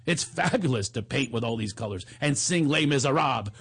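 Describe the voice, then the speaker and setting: A man in his forties, a comedian, telling animated stories in a casual chat and sometimes breaking into theatrical singing. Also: fairly quick, breathy edge. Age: 40s. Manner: animated storyteller, bursts into high theatrical singing.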